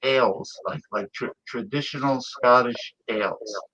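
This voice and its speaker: A man's voice: mid-range voice, measured pace, pushed and bright, husky. Casual man over dull lo-fi call, stammering restarts, emphatic, mid-range voice. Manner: stammering restarts, emphatic about his likes. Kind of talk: casual chat.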